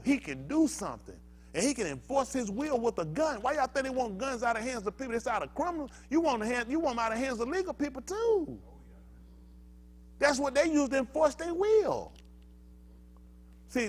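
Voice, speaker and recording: Older man preaching, lively and emphatic. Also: a little high, slight background noise. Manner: emphatic, heated, fires rhetorical questions at the congregation. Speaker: pastor. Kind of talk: fiery preaching sermon.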